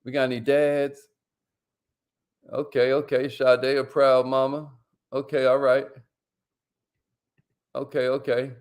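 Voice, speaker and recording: A man hosting a casual livestream, lively and slangy, calling out to viewers and sometimes dropping his voice low to make a point. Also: slow pace, long pauses, smooth. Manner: lively, hypes up viewers and reads their comments; drops to a near whisper to make a point. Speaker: host.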